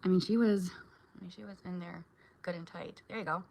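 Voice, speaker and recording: A woman's voice: lowish voice, fairly even intonation, brisk, gravelly, background noise. A woman, a mom, chatting casually with her viewers in a vlog, reacting to their comments and laughing often. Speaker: vlogger and mom.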